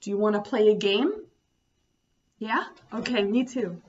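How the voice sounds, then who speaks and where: A woman teaching young children about farm animals, speaking slowly and making animal sounds. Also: mid-range voice, fairly even intonation, a little mellow, dull audio. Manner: slow, sing-song, imitating animal sounds. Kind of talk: children's storytime lesson.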